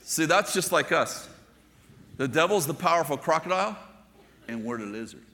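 Older preacher man, bright voice in a hall. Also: fairly high pitch, animated, normal speed. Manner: storytelling preacher, conversational asides to the congregation. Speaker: pastor. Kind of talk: sermon.

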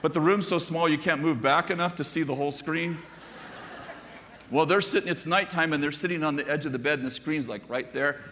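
Older preacher man, bright voice in a hall. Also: fairly high pitch, a little fast, slight background noise. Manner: storytelling preacher, conversational asides to the congregation. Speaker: pastor. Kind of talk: sermon.

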